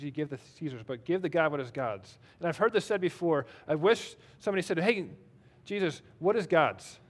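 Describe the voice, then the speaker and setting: A man preaching a sermon in a conversational, self-deprecating way, reading scripture aloud between his own remarks. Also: on the high side. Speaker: pastor.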